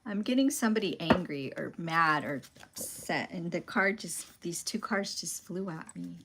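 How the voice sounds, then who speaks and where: A woman giving a tarot reading, musing aloud in a slow, pausing way about what she senses. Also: on the low side, background noise. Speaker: tarot reader.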